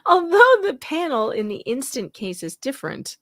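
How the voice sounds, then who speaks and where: A woman's voice: high-pitched, normal speed, dry recording, clean studio sound. A woman co-hosting a casual legal talk show, reading a court motion aloud and laughing and teasing between passages. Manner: lively, laughs often, teasing. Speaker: podcast co-host.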